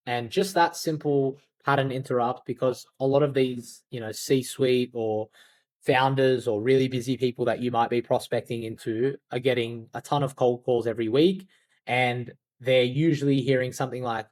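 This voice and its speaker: A man's voice: medium pitch, steady tone, normal speed, a little mellow, no room sound. A man talks candidly and loosely as a podcast guest, dropping the odd swear word and plenty of "like." His voice sits in an ordinary middle range, and the recording is dry and close with no room sound. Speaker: podcast guest, outbound sales agency founder. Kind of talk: casual interview talk.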